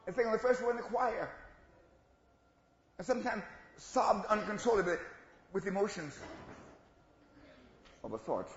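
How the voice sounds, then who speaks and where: A man preaching a sermon in church, swinging from shouted lines to low asides and chuckles. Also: expressive, a little slow, pauses often. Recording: echoey church room, dull lo-fi sound.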